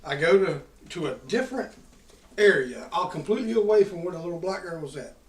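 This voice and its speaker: A man with a fairly high voice tells a loud, profane story in a drawl. He is recorded from a distance, and the room around him is echoey. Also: animated, brisk. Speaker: podcast host. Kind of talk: casual storytelling. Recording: roomy sound from a distant mic.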